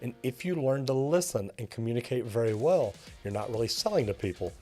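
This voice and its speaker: Man, middle-aged, master plumber, instructional talk, upbeat and direct, husky, faint background music. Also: mid-range voice, expressive, a little fast, dark tone. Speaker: master plumber teaching the trade. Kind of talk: instructional video talk to viewers.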